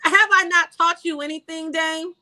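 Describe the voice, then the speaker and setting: Brash, high, bright-voiced woman. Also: normal speed. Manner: brash, profane, animated storytelling. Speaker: podcast host. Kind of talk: casual chat.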